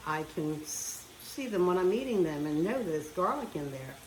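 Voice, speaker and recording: A woman's voice: fairly low pitch, animated, moderate pace, a little hiss or hum. Chatty woman cooking in an echoey kitchen. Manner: chatty, talks while cooking. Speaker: home cook. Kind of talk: casual cooking demonstration. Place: home kitchen. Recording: echoey kitchen with frying sizzle.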